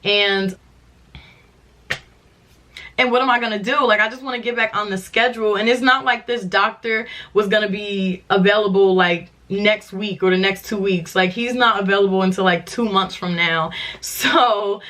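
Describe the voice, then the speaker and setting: A woman's voice: mid-range voice, fairly even intonation, moderate pace, fairly bright tone. A young woman telling a personal story to camera in a chatty, dramatic vlog style, with lots of "like" fillers. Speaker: vlogger.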